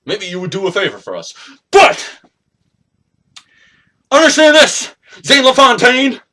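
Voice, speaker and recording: A man's voice: extremely high pitch, sing-song, measured pace, pushed and bright. A young man cutting a boastful, taunting wrestling promo, trash-talking his rivals.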